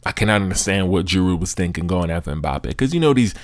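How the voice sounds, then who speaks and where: Young man, american, deep voice, dry close sound, laid-back sports podcast talk, slangy. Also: fast, dry recording. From United States. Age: young adult. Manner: animated, laughing, slangy asides. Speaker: podcast host. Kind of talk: casual sports commentary.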